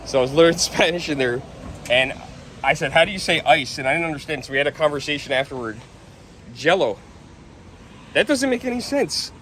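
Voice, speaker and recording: A man's voice: fairly high pitch, animated, fast, a bit bright, a little hiss or hum. A man talking casually to camera in a rambling, chatty way, often chuckling between stories. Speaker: vlogger.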